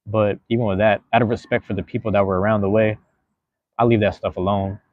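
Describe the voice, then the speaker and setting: A man's voice: fairly low pitch, little pitch movement, fast, dry recording, narrow, tinny audio. A young man from the US West Coast hosting a live stream, talking in a laid-back, rambling way with street slang and lots of cursing. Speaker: podcast host and live streamer. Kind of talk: casual live-stream monologue.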